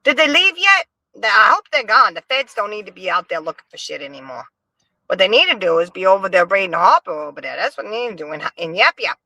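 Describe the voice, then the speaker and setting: A woman hosting a livestream, chatting in a sassy, animated gossip style and answering her chat. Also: lowish voice, fast, dry recording. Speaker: livestream host. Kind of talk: casual gossip commentary.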